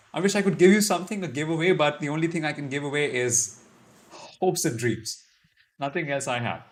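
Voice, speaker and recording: A man hosting a casual live-stream Q&A, reading out viewer comments and answering them with chatty, self-deprecating humor. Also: fairly high pitch. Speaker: YouTube live stream host.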